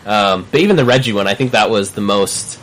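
A man hosting a casual podcast chat, relaxed and hesitant with many ums. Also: fairly low pitch, a little fast, slight background noise. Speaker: podcast host.

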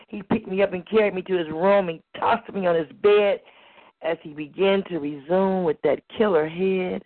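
A woman performing spoken word poetry at an open mic with a slow, rhythmic, rhyming delivery. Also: lowish voice, fairly even intonation, no echo. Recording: tinny phone-like recording.

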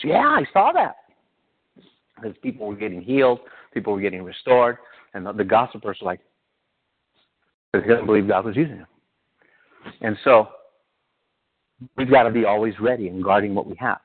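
A man's voice: on the low side, steady tone, brisk, long pauses. Guy preaching, chatty, keeps asking the church stuff, sounds tinny like over a phone. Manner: conversational, asks the congregation questions. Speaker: pastor. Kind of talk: sermon.

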